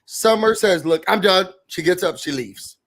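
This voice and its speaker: A man's voice: sits high, moderate pace. A man co-hosting a podcast, casually recapping a reality show and acting out the cast's lines. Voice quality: animated retelling, acting out quotes.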